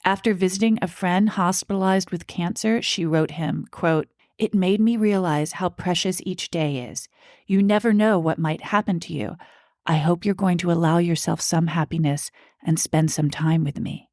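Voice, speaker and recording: Podcast co-host, female, lowish register, dead-dry read, chatty true-crime narration. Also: fairly even intonation, normal speed, darkish tone, no room sound. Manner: tells the story from notes, chatty asides. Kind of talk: casual true-crime storytelling.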